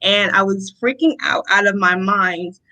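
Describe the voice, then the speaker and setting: A young woman from Rochester, New York, a guest telling a personal testimony in an interview, animated and often acting out what people said. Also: mid-range voice, unhurried, low-quality recording. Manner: animated storytelling, acting out quotes, laughs often.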